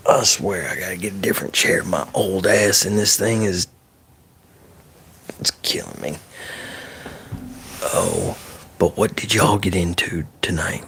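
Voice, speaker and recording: Male ASMR streamer, very low voice, soft-spoken and close to the mic, easygoing live chat. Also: vocal fry, a little hiss or hum. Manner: soft-spoken, drifting into whispers, loose and profane.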